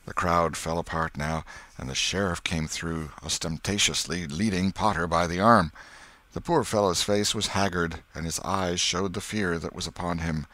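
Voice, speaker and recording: A man narrating a classic novel as an audiobook with an expressive, dramatic reading. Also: sits low, moderate pace, dry recording.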